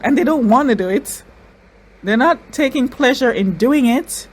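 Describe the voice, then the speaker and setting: A woman hosting a reaction video, talking excitedly and repeating her exclamations, tearful at times. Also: sits high, normal speed, breathy edge, low-quality recording. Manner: exclaiming, repeats phrases, says y'all. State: crying.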